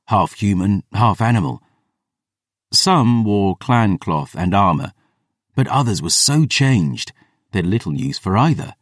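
A man narrating a first-person fantasy story in a measured, descriptive way. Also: sits low, dry recording, studio quality. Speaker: audiobook narrator.

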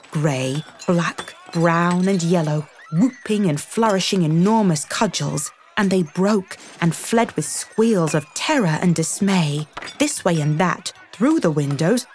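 A woman reading a classic storybook aloud with an expressive, dramatic manner. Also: on the low side, slight background noise. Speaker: narrator.

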